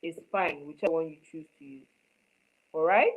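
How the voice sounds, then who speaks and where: A woman leads a screenwriting lesson with an emphatic, repetitive delivery. She keeps asking her students if they follow. Her voice sits a little low for a woman. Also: normal speed, narrow, tinny audio. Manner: emphatic, repeats points, asks students if they understand. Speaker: screenwriting teacher. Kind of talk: live online class.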